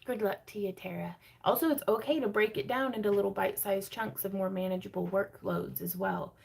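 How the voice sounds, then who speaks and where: A woman with a drawl hosts a relaxed livestream sale from her craft room. Her voice is gravelly and husky, and she rambles through viewer comments with lots of fillers and quick laughs. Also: mid-range voice. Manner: chatty and rambling, laughs often, many fillers. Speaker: craft shop owner hosting a livestream sale. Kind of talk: casual livestream chat, reading viewer comments.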